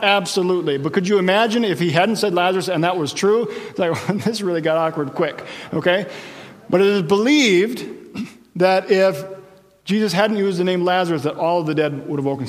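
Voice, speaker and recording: A man preaching a sermon as pastor, telling the story with lively asides and jokes. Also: sits high, big-room sound.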